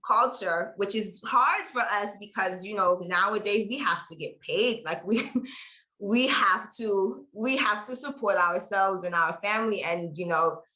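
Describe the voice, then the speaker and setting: Woman on a video call, bright sharp voice, emphatic, roomy echo. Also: mid-range voice, a little slow. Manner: emphatic, reflective. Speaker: panelist. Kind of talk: online panel discussion. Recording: echoey room.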